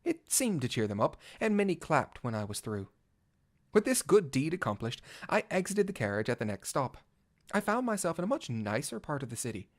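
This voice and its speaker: In a fan audio drama, a man narrates in first person as a vain, gallant male cat-knight bard, using flowery, old-fashioned language and swinging theatrically from pompous to flustered in a storytelling mood. His voice runs on the high side with big pitch swings, and he talks fairly quickly.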